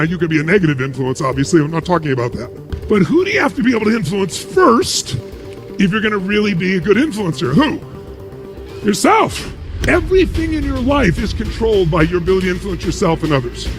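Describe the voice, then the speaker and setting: A man with a high voice that leaps around gives an emphatic motivational talk, firing rhetorical questions and answering them. Faint music plays beneath his speech. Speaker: motivational speaker.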